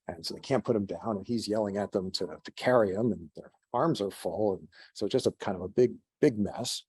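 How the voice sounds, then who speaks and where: A man's voice: lowish voice, brisk, darkish tone, slightly rough, dry recording. A man giving an online conference presentation, telling a story in a conversational way over a video call. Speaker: conference speaker.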